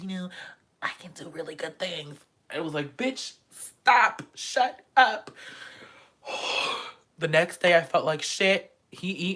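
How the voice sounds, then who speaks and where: Animated young woman telling crude stories. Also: rumbling low. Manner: animated, dramatic, crude and joking. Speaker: vlogger. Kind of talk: casual storytime monologue.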